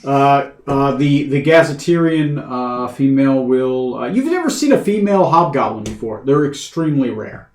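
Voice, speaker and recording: A man's voice: medium pitch, expressive, normal speed, darkish tone. Hesitant game master man, echoey room. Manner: hesitant, many fillers. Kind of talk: narrating a tabletop game.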